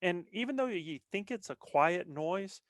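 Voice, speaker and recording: A man with a somewhat raised pitch speaks in a dry, close sound with no room around his voice. He explains eagerly as a podcast guest, restarting his phrases often in a casual, conversational flow. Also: expressive, a little slow, no room sound. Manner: earnest explaining with frequent restarts. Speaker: podcast guest, veteran elk bowhunter.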